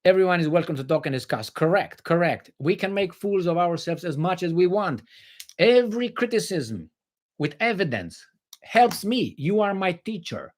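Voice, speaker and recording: Animated, sarcastic man with Romanian accent. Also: sits high, normal speed. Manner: animated, sarcastic, blunt with swearing. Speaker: livestream host answering viewer chat. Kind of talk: casual livestream commentary.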